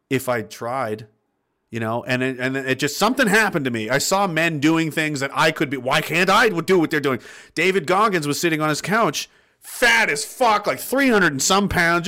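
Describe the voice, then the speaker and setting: A man's voice: fairly high pitch, sharp tone. A man hosting a livestream, reading out chat comments and giving blunt, profane, rambling motivational talk. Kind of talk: casual motivational rant.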